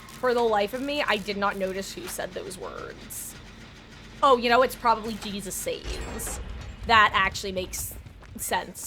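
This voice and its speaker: A woman's voice: mid-range voice, pushed and bright. A woman livestreaming a game, chatting casually and rambling to her viewers on a desk microphone. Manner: chatty, rambling, talks straight to chat. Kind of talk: casual gaming stream chat.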